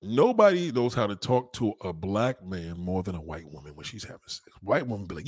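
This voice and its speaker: Man, casual profane monologue, crude and animated, dry close sound. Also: fairly low pitch, breathy edge, no echo. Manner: blunt, crude, rambling, talks fast.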